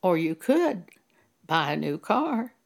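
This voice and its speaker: A woman voicing God's gentle, unpushy suggestion in a mild, unhurried tone. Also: lowish voice, very animated, creaky, full character voice. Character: calm, gentle divine voice offering a choice.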